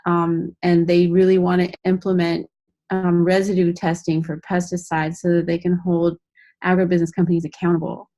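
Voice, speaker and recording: A woman shares a lively story during a casual group call. Her delivery is bubbly and excited, and she rushes ahead as the story unfolds. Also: lowish voice. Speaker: call participant. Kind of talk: casual check-in on a video call.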